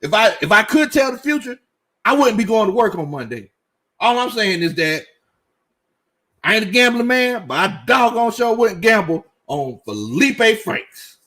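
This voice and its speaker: Man, high bright voice, lively and animated, joking casual sports commentary, repeats himself for emphasis. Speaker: sports show host. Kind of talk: casual sports commentary livestream reading chat.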